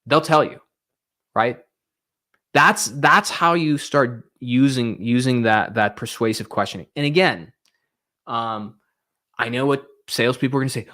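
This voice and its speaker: A man's voice: medium pitch, unhurried, pauses often, pushed and bright. A man giving casual, emphatic coaching on sales tactics, checking in with the listener as he talks and acting out scenes as he moves around a room. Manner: emphatic, demonstrates with role-play, frequent "right?" and "okay?". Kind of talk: casual instructional talk.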